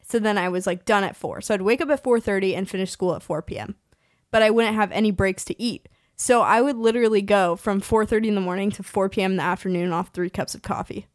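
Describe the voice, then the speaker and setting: A woman's voice: mid-range voice, quick pace, dry recording, studio quality. A woman in her twenties from California, hosting a podcast in a casual, chatty way with lots of fillers and laughs. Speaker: podcast host.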